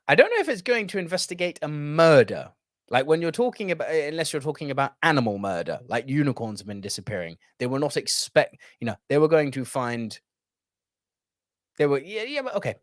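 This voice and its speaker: Animated male movie reviewer, dry close sound. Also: fairly high pitch, fairly quick, dry recording. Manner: chatty, animated, reading viewer comments. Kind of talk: casual video review.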